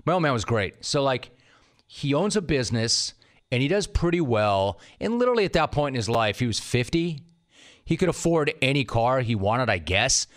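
A middle-aged man hosting a sports radio show, ranting loudly, telling stories and interviewing a guest. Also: medium pitch, big pitch swings, moderate pace. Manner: loud, ranting, storytelling with acted quotes.

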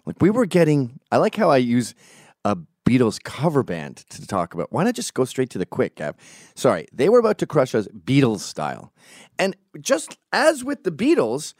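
Male podcast host, comic ranter, swings his pitch widely, dry close sound. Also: moderate pace, no room sound. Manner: ranting, profane, animated. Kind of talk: casual comic storytelling.

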